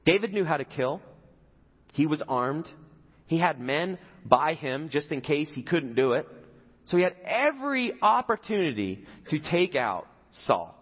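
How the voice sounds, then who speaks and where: Animated preacher in an echoey hall. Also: male voice, a little high, measured pace, husky, lo-fi sound. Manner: conversational, asks the audience questions. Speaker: pastor. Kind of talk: sermon.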